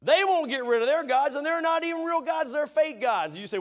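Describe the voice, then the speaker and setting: A man's voice: very high voice, lively intonation, a little fast. A man preaching a sermon in a church, asking the congregation rhetorical questions and reading scripture aloud. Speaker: pastor. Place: church sanctuary.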